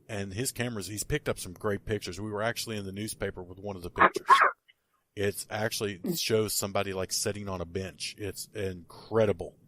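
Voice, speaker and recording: A man's voice: lowish voice, slight background noise. A man, a paranormal investigator, telling a story in casual podcast talk, rambling with many restarts and fillers.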